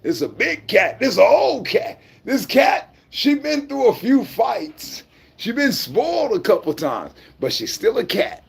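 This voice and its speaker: Gravelly, lively vlogger man. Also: very high-pitched, unhurried. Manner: loud teasing, repeats phrases, sing-song. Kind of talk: rowdy joking banter.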